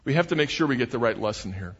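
A man's voice: medium pitch, lively intonation, rapid-fire, fairly bright tone, husky. Earnest preacher man in a reverberant hall. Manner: earnest and emphatic, with repeated restarts. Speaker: pastor. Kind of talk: sermon. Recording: dull recording with long hall reverb.

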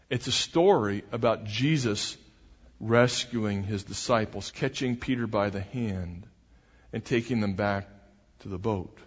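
A man's voice: lowish voice, breathy edge. A man preaching a sermon as pastor, earnest and emphatic, often restarting his phrases. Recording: dull recording with long hall reverb.

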